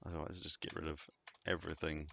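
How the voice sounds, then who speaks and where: A man's voice: rumbling low, flat delivery, fast talker, gravelly, bright, forceful tone, a little hiss or hum. A man casually chatting while live-streaming a game, rambling and answering viewers as he plays.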